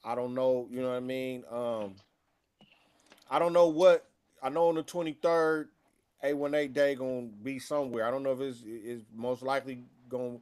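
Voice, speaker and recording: A man co-hosting a live talk stream, speaking in a halting way with many restarts as he works out his plans. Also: mid-range voice, fairly even intonation, darkish tone, clean tone. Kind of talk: casual chat.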